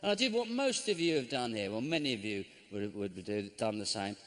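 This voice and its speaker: A middle-aged man from England doing a stand-up comedy routine, deadpan and grumbling, breaking into sudden shouts. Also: mid-range voice, fairly quick. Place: large theatre stage. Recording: live show with constant audience noise.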